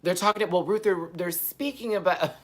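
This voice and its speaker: A woman hosting a live stream in a casual, chatty way, answering her viewers and swinging between excited outbursts and low mutters. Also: moderate pace. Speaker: livestream host.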